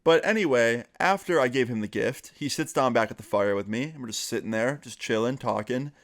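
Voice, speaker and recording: A man's voice: mid-range voice, brisk. A young man vlogging a casual storytime, chatty and full of fillers, slipping into the voices of the friends he quotes.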